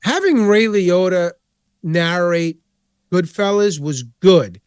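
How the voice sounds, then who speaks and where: High-pitched guy ranting about movies, swears a lot, dry close sound. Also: slow, clean tone, dry recording. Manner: profane, rambling, animated. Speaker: podcast host. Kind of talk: casual chat.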